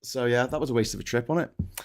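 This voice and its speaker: A man's voice: mid-range voice, fast. A British man co-hosting a casual live stream, reading viewer comments and ranting bluntly with frequent swearing and restarts.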